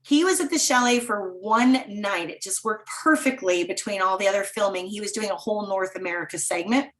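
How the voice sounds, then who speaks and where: A woman's voice: medium pitch, fairly quick, a bit bright, poor audio. A woman guest in a casual interview, talking with enthusiasm and laughing often. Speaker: guest, chalet owner.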